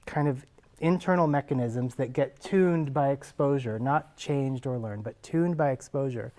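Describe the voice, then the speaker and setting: A man's voice: mid-range voice, unhurried, darkish tone. Man explaining casually in class. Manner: conversational, explains with everyday examples. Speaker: linguist answering actors' questions.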